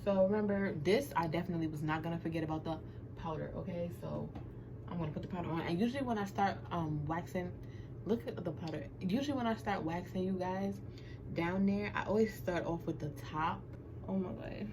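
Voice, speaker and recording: A woman's voice: fairly low pitch, brisk, noisy background. A young woman filming a casual vlog at home, chatting playfully with her viewers and giggling through her nerves. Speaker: vlogger. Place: small room at home under a ring light.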